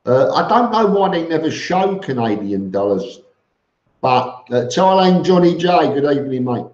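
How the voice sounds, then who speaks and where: A man on a live stream reads viewer comments aloud and answers bluntly and matter-of-factly, chatting casually with lots of fillers and restarts and the odd "mate." His voice is a little high, sing-song, and darkish in tone at normal speed, in roomy, dull lo-fi stream audio.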